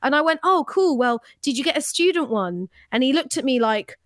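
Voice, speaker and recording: A woman's voice: sits high, expressive, fairly quick, no room sound. A woman in her late twenties co-hosting a podcast, chatting in a giggly way and acting out voices in her stories. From London. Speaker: podcast co-host. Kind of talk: casual podcast chat. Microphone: remote recording, close mic.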